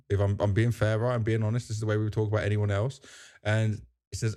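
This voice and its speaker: A man's voice: fairly low pitch, steady tone, fast, dark tone. A man hosting a casual podcast, chatty and joking as he leads the conversation. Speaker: podcast host.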